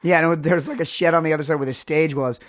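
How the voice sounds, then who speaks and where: A man's voice: fairly high pitch, steady tone, rapid-fire. A man from New York with a New York accent, co-hosting a podcast in casual chat, teasing his friend while retelling stories. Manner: teasing, recounts stories dryly. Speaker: podcast co-host.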